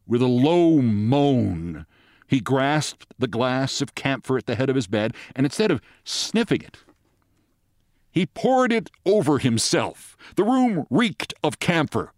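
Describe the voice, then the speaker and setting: Man, podcast host, story reading, lively narration, middle pitch, dry close sound. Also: unhurried, no echo. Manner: lively storytelling, jumps high for quoted shouts. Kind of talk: reading a short story aloud.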